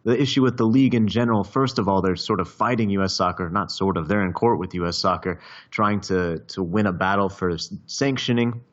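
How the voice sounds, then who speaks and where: A male football pundit with a very low voice, explaining things in a calm, measured way. The sound is dull and lo-fi, like a remote line. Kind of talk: radio phone-in analysis.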